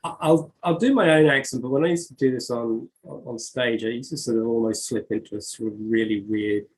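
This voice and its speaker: A man chats about his writing in a halting way, full of ums and restarts. Then he reads his own poems aloud with measured care. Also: mid-range voice, steady tone, a little hiss or hum, poor audio. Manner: hesitant, many fillers and restarts. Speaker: poet and author. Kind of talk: conversational interview, reading poetry aloud.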